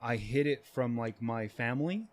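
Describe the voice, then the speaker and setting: A man's voice: mid-range voice, lively intonation, moderate pace. A young man telling casual stories on a podcast, rambling with lots of fillers and swearing. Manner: rambling, profane, many fillers. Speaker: podcast guest. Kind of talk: casual storytelling.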